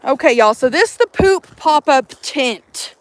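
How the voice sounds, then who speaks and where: Animated, high-voiced young woman vlogging outdoors. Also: unhurried, no echo. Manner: animated, profane, jokey. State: out of breath. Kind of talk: casual chat to camera. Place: outdoors at a campsite.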